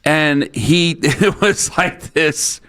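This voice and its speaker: A man's voice: a little high, very slow, bright, forceful tone. A man hosting a sports radio show, telling a rambling story in casual banter with lots of fillers. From Ohio, USA.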